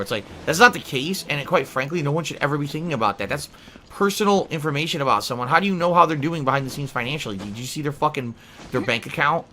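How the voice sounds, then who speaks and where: A man's voice: on the high side, quick pace, bright, forceful tone. A man livestreaming, reading chat aloud and answering it in a defensive, profane way. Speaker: streamer. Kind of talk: livestream talk.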